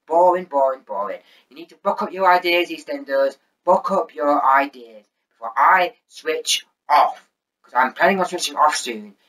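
A man's voice: on the high side, sharp tone, far from the mic, poor audio. A man ranting angrily about a TV show on his vlog, swearing a lot and repeating himself. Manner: angry, profane, repetitive. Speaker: vlogger. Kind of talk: angry TV rant.

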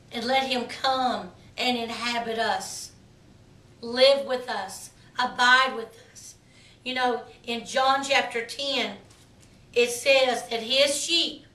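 A woman minister delivering a sermon in a slow, emphatic preaching cadence. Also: high voice, bright, forceful tone, roomy sound, far from the mic.

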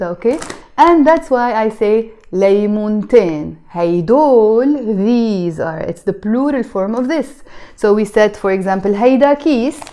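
Lebanese woman teaching arabic, patient, says things slow then fast, warm mellow voice. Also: fairly high pitch. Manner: patient, repeats each phrase slowly then quickly. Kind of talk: explaining Lebanese Arabic words from a shopping bag.

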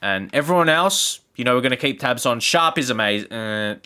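A man commentating his own football video game session, ranting in frustration with sarcastic asides and sudden excited exclamations. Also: mid-range voice, a little fast. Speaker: gaming YouTuber. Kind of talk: gameplay commentary.

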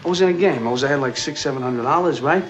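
An actor playing a reckless young male street hustler, rambling fast through excuses in 1970s film dialogue. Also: medium pitch, close to an everyday voice. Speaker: film character. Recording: dull 1970s film soundtrack with faint music.

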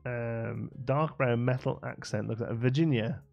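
Gravelly-voiced man streaming late at night. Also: medium pitch, a little slow, muffled recording, faint music behind. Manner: chatty, thinks aloud, laughs often. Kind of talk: late-night live game stream chatting with viewers.

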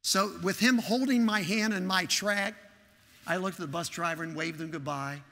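A man preaching in a large church, his high voice gravelly and bright. He tells a story and acts out its conversations with animation, and a long hall reverb trails each phrase. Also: normal speed. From Texas. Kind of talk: storytelling sermon.

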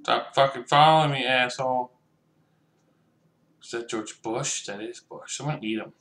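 A man's voice: medium pitch, normal speed, a bit bright, reverberant. Joking, profane young man commenting on a game. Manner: joking, profane, talks to other players as he plays. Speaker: gameplay commentator. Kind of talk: casual gameplay commentary.

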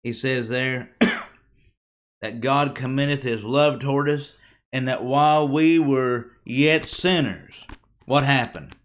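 Slow, deliberate man preaching a sermon. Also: medium pitch, steady tone, a bit bright. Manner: emphatic, with dramatic pauses and falling endings; rhetorical questions to the congregation.

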